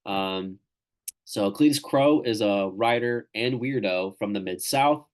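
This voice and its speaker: A man's voice: lowish voice, slow pace. A man from Tennessee, casually hosting a literary reading on a video call, rambling and enthusiastic. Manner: loose, rambling and enthusiastic, with crude jokes. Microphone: video call microphone.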